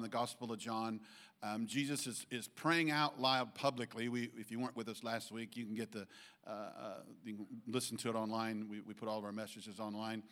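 A pastor giving a sermon in church, halting with frequent restarts and then rising to emphatic points. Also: male voice, medium pitch, a bit bright.

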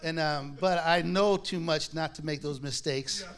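A man's voice: on the high side, unhurried. Storytelling man with a raised voice. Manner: conversational, self-deprecating, acts out quoted dialogue; frequent restarts and laughs. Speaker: speaker sharing a personal testimony. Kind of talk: sermon-style personal storytelling.

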